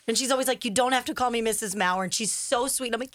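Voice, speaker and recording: A woman's voice: fairly high pitch, rapid-fire, hardly any pauses, a bit bright, no echo. A woman co-hosting a radio show, chatting casually and laughing often in the studio. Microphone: studio microphone.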